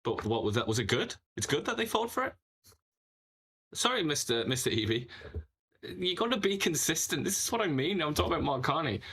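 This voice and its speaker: A man's voice: fairly high pitch, very animated, brisk, fairly bright tone, breathy edge. A man hosting a political commentary show, talking in an opinionated, sarcastic way, full of mocking rhetorical questions.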